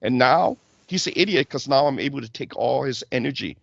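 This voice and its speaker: A man's voice: mid-range voice, animated, brisk, gravelly, no room sound, lo-fi sound. A man hosting a casual spiritual talk show, preaching and checking in with "right?" and "okay?".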